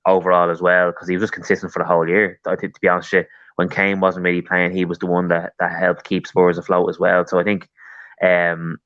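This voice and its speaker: A man with a fairly low, smooth voice hosts a casual football chat. He steers the conversation and fires off questions to the panel. The sound is dry and slightly dull. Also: monotone, fairly bright tone, dry recording. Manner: steers the talk, quick with questions. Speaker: podcast host.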